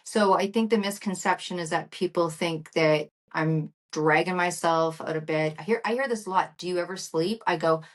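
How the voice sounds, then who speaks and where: A woman in her fifties speaks as a guest in an interview, her voice sitting a little low. She tells her stories with animation and acts out the lines she quotes. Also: moderate pace, few pauses. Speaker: guest entrepreneur. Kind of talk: interview conversation.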